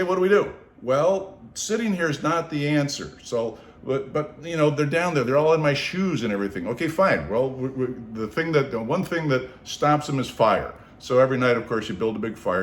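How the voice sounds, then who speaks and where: Animated man telling a story, roomy sound. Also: medium pitch, brisk. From Seattle, United States. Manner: animated, acts out voices, swears freely. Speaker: storyteller on his own show. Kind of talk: casual anecdote in conversation. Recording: roomy echo, faint background noise.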